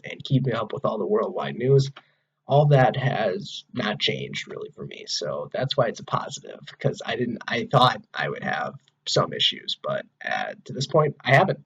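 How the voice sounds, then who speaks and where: A vlogger in his twenties from Wisconsin, USA, talks casually to camera from his own room with an American accent, rambling with lots of "like"s and restarts. His medium-pitched voice is creaky, a bit bright and slightly rough, and the recording is muffled.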